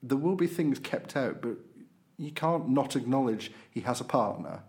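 A man's voice: mid-range voice, lively intonation, normal speed, darkish tone. A man hosting a podcast, chatting casually through local and political news with frequent fillers. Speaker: podcast host.

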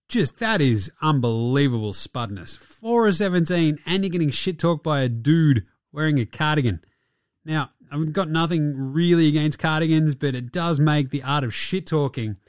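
A man's voice: fairly high pitch, no echo, studio quality. A young Australian man giving a casual, profane and mocking recap of basketball games. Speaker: basketball commentator.

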